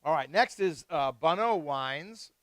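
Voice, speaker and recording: A man hosting a live wine tasting, chatting casually and excitedly with guests and swearing freely. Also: a little high, a little slow, no echo. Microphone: live stream mic.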